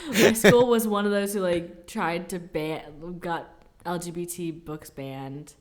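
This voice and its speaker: A young woman from New Jersey co-hosting a casual chat, easygoing and leaning on "like" as she trails off softly. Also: on the low side, steady tone, slow pace. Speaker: podcast co-host. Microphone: remote call, in another city from the co-host.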